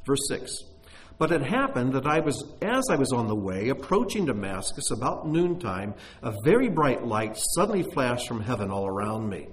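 A man delivers a sermon, reading scripture with expression before breaking off to explain it plainly. His voice sits in a middle pitch and moves up and down a great deal. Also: sing-song, normal speed. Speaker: Bible teacher.

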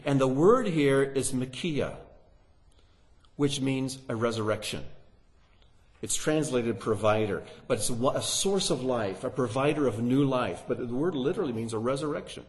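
A man's voice: mid-range voice, expressive, moderate pace. Guy teaching bible verses, reads them out with emphasis, asks the listeners questions. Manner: reads scripture aloud with rising emphasis.

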